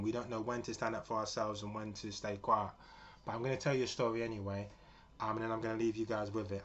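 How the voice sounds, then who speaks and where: Man in his forties, earnest monologue, rambling, lowish voice, lo-fi muffled sound. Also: a bit bright. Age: 40s. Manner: rambling, earnest, full of fillers. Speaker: vlogger. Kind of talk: casual spoken monologue. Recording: dull lo-fi with faint noise.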